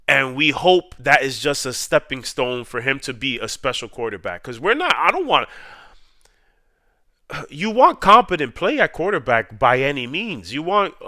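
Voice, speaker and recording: Male sports vlogger, heated fan rant, smooth clear voice, dry close mic. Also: mid-range voice, pushed and bright, no echo. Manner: heated, repetitive, drawn-out emphasis. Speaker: sports YouTuber ranting.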